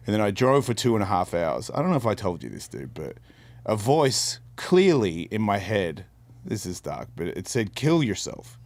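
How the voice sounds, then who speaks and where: There's no room sound as a middle-aged man with a fairly low, slightly mellow voice co-hosts a podcast. Candid and earnest, he rambles casually through a personal story, frequently repeating and restarting words mid-sentence.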